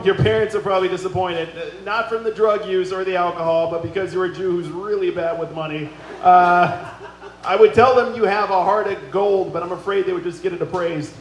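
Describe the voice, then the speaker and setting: A man emceeing a live comedy roast in a bar, telling crude jokes and loudly hyping up the next comic. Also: sits high. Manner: crude jokes, loud hype introductions. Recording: echoey bar room, loud background noise.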